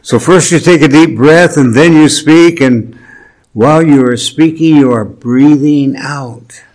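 A man preaching a sermon, slow and deliberate, with emphatic pauses and touches of humor. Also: mid-range voice, creaky, darkish tone. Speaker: pastor.

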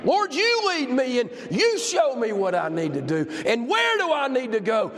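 A man with a very high voice preaches fervently to a congregation, repeating his lines and often rising to a shout. His voice rings through a church hall with a long, lingering reverb. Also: huge pitch swings, moderate pace. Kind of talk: sermon.

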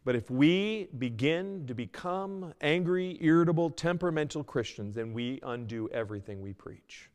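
A man preaching a sermon as pastor, earnest, moving between loud emphasis and a quiet plea. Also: on the high side, lively intonation, normal speed, few pauses, in a large hall. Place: church sanctuary.

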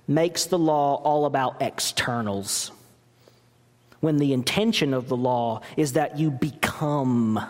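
A man preaching a sermon as pastor, emphatic and full of rhetorical questions, in a church. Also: mid-range voice. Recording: long hall reverb.

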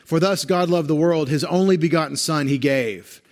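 A man's voice: on the high side, normal speed. A man preaching an expository sermon, patiently explaining Greek grammar and pointing things out on a screen like a teacher. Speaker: pastor.

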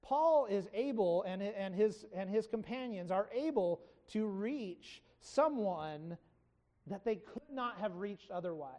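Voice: medium pitch, lively intonation, slow, a little mellow. A Bible study teacher giving an informal lesson, talking conversationally, correcting themself and retelling scripture in casual everyday paraphrase.

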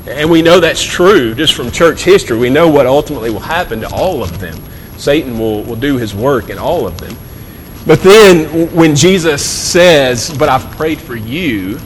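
A middle-pitched man delivers a sermon in an earnest, conversational way, stumbling and repeating words as he works through his point. His voice rings with the long reverb of a large hall. A faint low rumble sits underneath. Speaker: pastor.

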